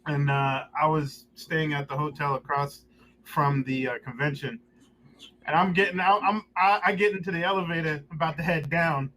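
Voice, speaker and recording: A man's voice: on the high side, normal speed, poor audio. A man co-hosting a live-streamed podcast, telling stories in casual banter and acting out the quotes with laughter. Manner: animated storyteller, acts out quotes with laughter. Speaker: podcast co-host.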